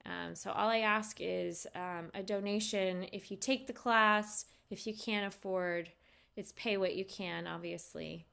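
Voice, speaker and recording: Slow, gravelly-voiced woman yoga instructor. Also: medium pitch. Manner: chatty and relaxed, answering viewer questions. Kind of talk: casual live-stream chat with viewers.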